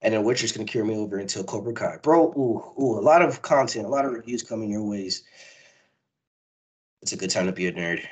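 A man co-hosting a casual pop-culture podcast, talking excitedly and rambling with frequent laughs. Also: on the low side, a little fast, breathy edge, low-quality recording. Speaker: podcast co-host. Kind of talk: casual chat.

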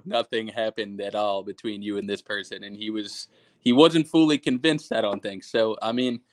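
A man's voice: medium pitch, no room sound. A young adult man, a podcast guest, recalling a story in a hesitant way with many fillers and small laughs. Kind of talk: casual chat.

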